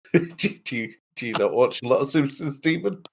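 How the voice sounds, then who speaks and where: A man's voice: mid-range voice, animated, normal speed, gravelly, breathy edge. A man co-hosting a podcast, chatting casually, rambling and laughing as he quizzes the others. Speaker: podcast co-host. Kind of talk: casual chat.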